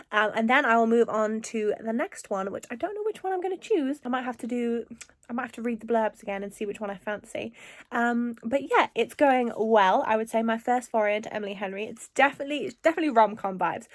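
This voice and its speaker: A woman's voice: on the high side, no room sound, studio quality. A woman in her twenties chatting casually about a book in a reading vlog, with lots of filler words. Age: 20s. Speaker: book vlogger.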